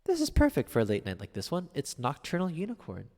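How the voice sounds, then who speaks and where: A man's voice: fairly high pitch, wildly swooping pitch, fast talker, a little mellow, long reverb tail. A man streaming piano, chatting casually as he reads viewer messages aloud and answers them. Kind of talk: casual live-stream chat.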